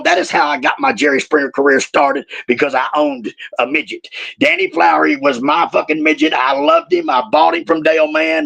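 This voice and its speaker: A man's voice: fairly high pitch, a bit bright. A man telling rowdy, profane wrestling stories in casual chat. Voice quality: gravelly. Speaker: wrestling guest.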